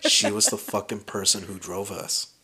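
On a podcast, a young man with a lowish voice tells a wild story at a normal speed. He swears freely and keeps laughing as the casual, animated storytelling chat goes on.

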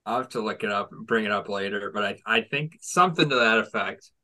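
Co-host dude, bright voice, kinda halting, fumbles for words. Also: male voice, fairly low pitch. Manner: hesitant, searching for words. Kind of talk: casual chat.

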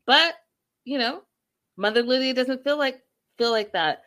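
Bright-voiced woman gossiping through a recap. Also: high voice, measured pace. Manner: animated, gossipy storytelling, addresses viewers directly. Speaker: reality TV recap host. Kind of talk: casual chat recapping a show.

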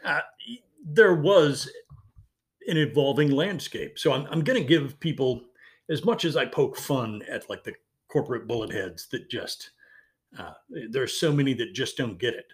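A man with a mid-pitched voice co-hosts a podcast in relaxed, casual conversation. He jokes around and drops into quick mock voices to make his points. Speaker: podcast co-host. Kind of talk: casual chat.

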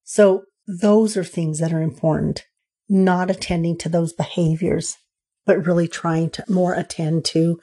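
A woman's voice: fairly low pitch, husky. A middle-aged woman counselor talking earnestly about parenting in an interview, acting out parents and children as she quotes them. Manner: earnest, animated when quoting parents. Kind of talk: conversational interview.

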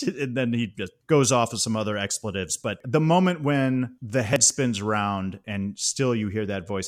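A man co-hosting a casual podcast, telling a movie scene with lively animation. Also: on the low side, moderate pace, few pauses. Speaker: podcast co-host.

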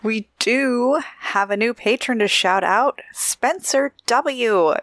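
Slow-talking giggly woman podcaster. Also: a little high, a bit bright, dry recording, clean studio sound. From Oregon, US. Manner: giggly, chatty, laughs often. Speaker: podcast co-host. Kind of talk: casual podcast chat.

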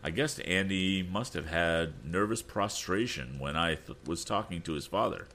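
A man's voice: deep voice, moderate pace, bright, forceful tone, slight background noise. A man playing an eager young inventor. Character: cheerful, sharp young male inventor.

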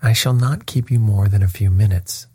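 A man voicing a confident, precise male detective in a storybook reading, calm and quietly commanding. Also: on the low side, moderate pace, husky, no room sound, studio quality.

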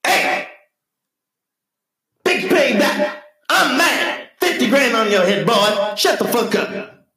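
A streamer putting on a scolding older soul singer, high shouted voice, gravelly, clipped. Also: lively intonation, slow pace, pauses often, heavy reverb, recorded from a distance, exaggerated voice. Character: gruff late soul legend, older man, scolding.

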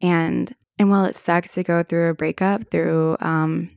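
A woman's voice: lowish voice, steady tone, measured pace, vocal fry, darkish tone, clear, resonant tone, no room sound, clean studio sound. A young woman hosting a podcast, talking frankly in a casual monologue, swearing and filling her speech with "like". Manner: frank, swears freely, many "like" fillers. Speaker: podcast host.

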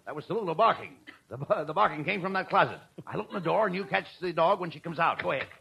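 Gravelly, bossy straight man. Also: a little high, expressive, fast. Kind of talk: 1940s radio comedy. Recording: dull, scratchy old radio broadcast with loud hiss.

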